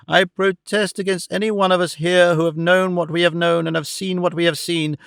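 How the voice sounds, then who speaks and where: A man's voice: fairly high pitch, a bit bright, clear, resonant tone, no echo, clean studio sound. A man doing a trembling, fierce old man. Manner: slow, earnest, protesting. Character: frail old man, suddenly fierce and indignant.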